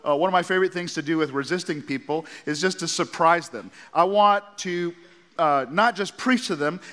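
A middle-aged man, a pastor, preaching a sermon and telling stories with animated asides in a church auditorium. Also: a little high. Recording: long hall reverb.

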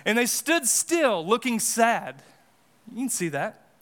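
A man's voice: very high-pitched, sing-song, slow pace, a bit bright. A man pastor giving a casual, conversational sermon in a church, with frequent restarts and asides. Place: church sanctuary.

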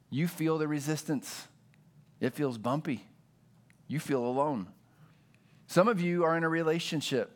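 A middle-aged male pastor delivers a sermon in a church auditorium. His voice sits a little high for a man. He tells stories in an animated, conversational way and often restarts his sentences. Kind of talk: sermon with opening prayer.

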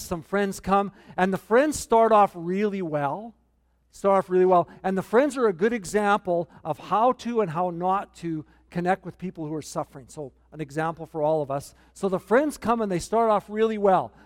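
A man preaching a sermon as pastor, earnest and repeating key points for emphasis. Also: high voice. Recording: long hall reverb.

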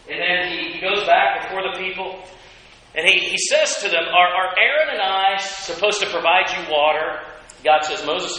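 A man preaching a sermon as pastor, telling a Bible story with animated voices for the complaining people. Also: high-pitched, heavy reverb, slight background noise, rough recording.

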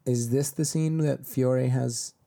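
A man co-hosting a casual TV recap chat, speaking in a measured way with many pauses. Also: medium pitch, fairly even intonation, vocal fry, warm tone. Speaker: podcast co-host.

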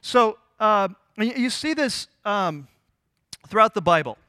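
A male pastor giving a conversational sermon, often asking the congregation questions and acting out biblical figures in quick asides. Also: high-pitched, lively intonation, sharp tone, clear, resonant tone, no echo, studio quality.

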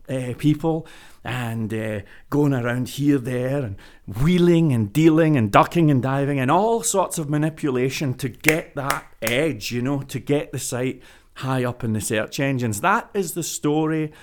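A man talking straight to his viewers in a casual vlog, pitching an idea like a salesman and repeating phrases for emphasis. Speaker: web business vlogger. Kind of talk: energetic casual monologue to camera.

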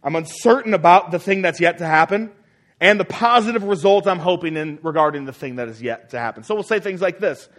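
A man's voice: high-pitched, animated, brisk, a bit bright. A man preaching a sermon as pastor, emphatic and repeating key phrases, often asking the congregation questions.

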